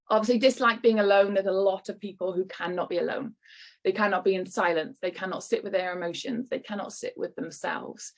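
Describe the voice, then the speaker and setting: A woman giving an encouraging online workshop talk to business owners over a video call. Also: mid-range voice. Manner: encouraging, lightly acts out quoted voices.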